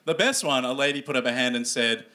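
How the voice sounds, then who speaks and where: A man hosting a stand-up comedy show, animated and swearing as he acts out characters. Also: mid-range voice, fast talker. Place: comedy club stage before a live audience. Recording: live room with audience noise.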